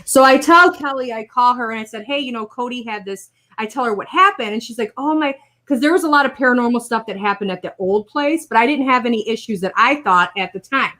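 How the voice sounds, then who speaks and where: A woman telling a personal story in casual conversation, rambling and animated, acting out the voices of the people in it. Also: on the high side, fast, hardly any pauses. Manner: rambling, animated retelling with quoted voices and laughs. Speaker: guest sharing a personal story.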